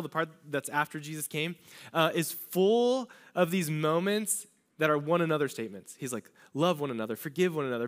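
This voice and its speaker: A man's voice: fairly high pitch, a bit bright. A man pastor giving a sermon in a casual, conversational way, acting out little asides as he talks. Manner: casual, conversational preaching with lots of "like" and acted-out asides. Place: church.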